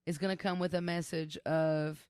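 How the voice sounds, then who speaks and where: A young woman, co-hosting a casual podcast chat and telling a story with lively quoted voices. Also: low-pitched, moderate pace, no echo. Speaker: podcast co-host.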